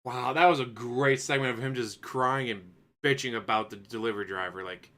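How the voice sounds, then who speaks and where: A man's voice: mid-range voice, a little fast, sharp tone. A man commenting sarcastically over a stream and mocking the streamer.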